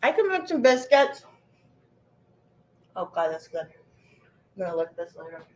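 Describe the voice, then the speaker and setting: A woman's voice: fairly low pitch, sing-song, normal speed, background noise. A woman in her thirties chatting casually while baking in her kitchen, answering her live chat by name and swearing freely. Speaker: livestream host. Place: home kitchen.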